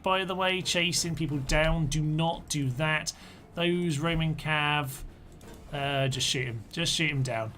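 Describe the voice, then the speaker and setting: A man doing live strategy game commentary chats easily and mutters instructions to his units. His fairly high voice is bright and forceful, and he speaks slowly over slight background noise.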